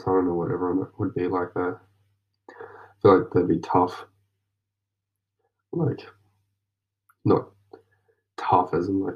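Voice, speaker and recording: A young Australian man talks in a slangy, rambling late-night monologue and keeps dropping into half-whispers. His voice sits very low with a gravelly fry and barely moves in pitch. The sound comes through a dull, lo-fi mic. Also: darkish tone. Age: young adult. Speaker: vlogger journaling.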